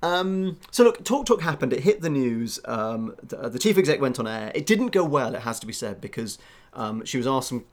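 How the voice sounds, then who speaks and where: A man's voice: mid-range voice, very animated, fairly quick. A man, a journalist and podcast host, telling a story in casual chat and acting out the people he quotes. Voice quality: talks with many fillers and restarts, acting out quoted voices.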